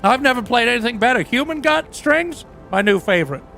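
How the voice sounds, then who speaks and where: A man playing a crude, boastful rock singer who rambles through profane, deadpan tall tales in a game roleplay. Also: very high voice, fairly quick, vocal fry, soft background music, full character voice. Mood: rambling, crude. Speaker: roleplay character.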